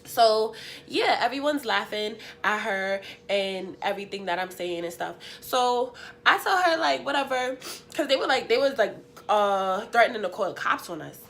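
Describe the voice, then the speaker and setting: A young woman vlogger, sniffly and unwell, telling a story in an animated, slangy, emphatic way. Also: a little high, normal speed, vocal fry. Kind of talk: story time.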